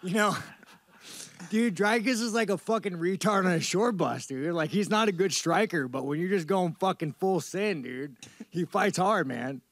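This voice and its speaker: A man with a fairly high voice rambles through interview answers with loose, profane bro talk, peppering it with dude and man. The sound is close and dry, with no room around it. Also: moderate pace, fairly bright tone, no echo. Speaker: fighter at a media interview. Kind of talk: casual media-day interview.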